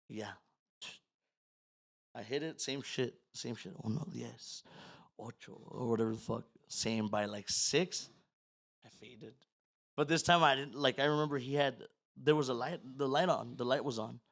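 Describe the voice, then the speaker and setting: With a mid-range voice, fairly even intonation and a normal speed, a man on a podcast tells a personal story in a loose, profane way. He acts out what he said and moves between loud outbursts and almost-whispers.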